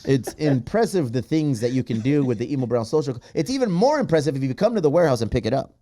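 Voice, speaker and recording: A man hosting a podcast in casual chat, reading out patron names in a loud, playful way with plenty of swearing. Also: mid-range voice, lively intonation, fast talker. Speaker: podcast host.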